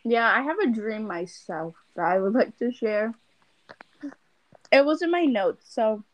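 Slow, hesitant woman on a dry mic. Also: fairly high pitch, lively intonation, no echo, dull audio. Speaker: podcast co-host. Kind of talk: casual chat, storytelling.

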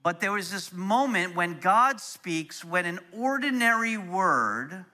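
A middle-aged man preaching, telling a personal story in an animated way that turns soft and quiet when he is moved. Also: sits high, slow. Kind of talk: storytelling sermon.

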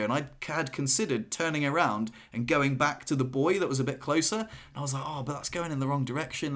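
A man co-hosting a podcast, telling a story in a rambling way, with many restarts and lively quoted asides. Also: mid-range voice. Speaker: podcast co-host. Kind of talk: casual podcast chat.

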